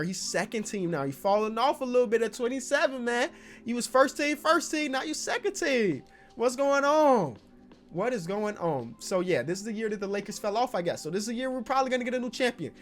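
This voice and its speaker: A man giving excitable gaming commentary as a basketball YouTuber, now and then bursting into loud shouts. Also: high voice.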